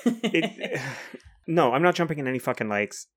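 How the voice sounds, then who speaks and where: A man's voice: fairly high pitch, big pitch swings, moderate pace. A man co-hosting a podcast in casual chat, wry and joking and swearing freely. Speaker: podcast co-host.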